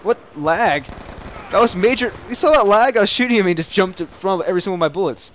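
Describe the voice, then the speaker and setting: A young man casually commenting while playing a shooter game, excitable and prone to loud yelps and mock-dramatic taunts. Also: high-pitched, fast, a little hiss or hum. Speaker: gaming channel host. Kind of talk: live gameplay commentary.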